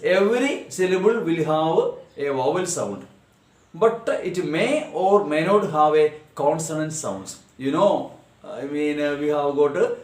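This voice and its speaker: A man teaching a grammar lesson on syllables, repeating words slowly and drilling their pronunciation. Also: on the high side, echoey room. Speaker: English teacher.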